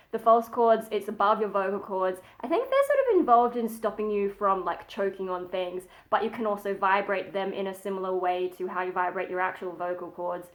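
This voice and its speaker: A woman's fairly bright, mid-range voice leads a laid-back metal singing lesson from her home. Chatty and unassuming, she keeps pausing to show the sighs and growls she's describing.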